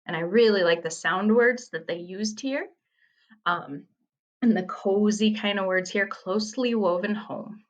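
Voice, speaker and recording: Patient woman teacher reading haiku aloud. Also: medium pitch. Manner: patient, encouraging, reads poem lines slowly and expressively. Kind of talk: reading picture book aloud in a video lesson.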